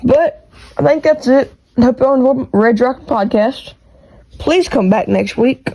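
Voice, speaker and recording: Fast, chatty woman podcaster with a heavy Texas country drawl and a mellow, higher voice, recording on earbuds in her bedroom. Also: low-quality recording. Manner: fast-talking, rambling with restarts. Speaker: podcast host. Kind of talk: casual solo podcast chat. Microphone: AirPods with iPhone recording.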